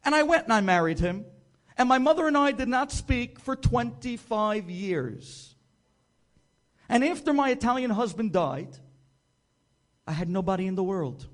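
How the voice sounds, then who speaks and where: A bitter, estranged middle-aged daughter, voiced by a man. She talks bluntly with a resentful edge, in a fairly high voice.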